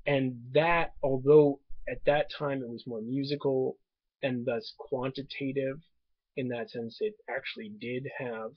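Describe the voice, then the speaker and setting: A man teaching a lesson to a webcam, speaking in a measured way with frequent ums and restarts, recorded on a muffled webcam mic. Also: medium pitch, steady tone, slightly rough, no room sound. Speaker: tutor. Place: indoors at home desk. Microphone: webcam microphone.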